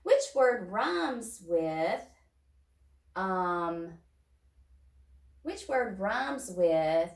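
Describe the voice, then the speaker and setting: A woman's voice: mid-range voice, sing-song, very slow, long pauses, recorded from a distance. A woman teacher leading young children through a phonics lesson, sounding out words step by step. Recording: echoey room, voice off-mic.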